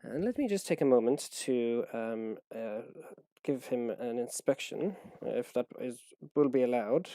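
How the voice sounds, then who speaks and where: A man voicing a formal, grave ambassador who speaks slowly and haltingly. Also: medium pitch, expressive, mellow, no room sound, close to an everyday voice. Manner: slow, formal, hesitant.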